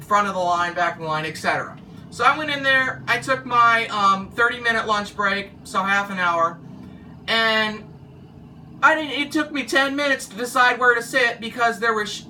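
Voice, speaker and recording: Brief: casual vlog storyteller, meandering and restarting, very bright tone, distant mic. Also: mid-range voice, slight background noise. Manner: rambling, loses track and restarts. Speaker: former car wash worker.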